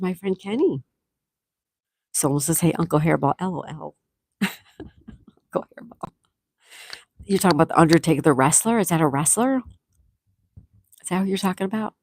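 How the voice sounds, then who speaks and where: A middle-aged woman with a lowish, darkish voice warmly reads out her viewers' messages during a casual live chat, chatting and laughing frequently. It's studio quality with no echo.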